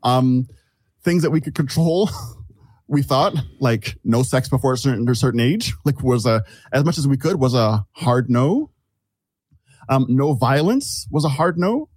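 A man's voice: medium pitch, animated, measured pace, darkish tone, breathy edge, no room sound. Rambling, reflective man on a podcast. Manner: reflective, rambling storyteller who restarts sentences; calls himself an overthinker. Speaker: podcast guest. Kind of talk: casual podcast conversation.

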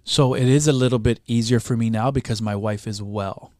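A man's voice: medium pitch, fairly even intonation, a little fast, darkish tone, dry recording, studio quality. A man in his forties from Canada, a guest musician talking frankly and emotionally in an interview, swearing often. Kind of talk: candid interview chat.

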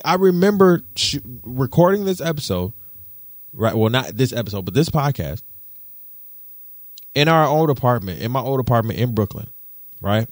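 A young Detroit man hosts his podcast solo, telling stories in a casual, slangy monologue. His mid-pitched voice swings from loud, excited exclamations to low muttered asides. The sound is dry and close, with no room echo.

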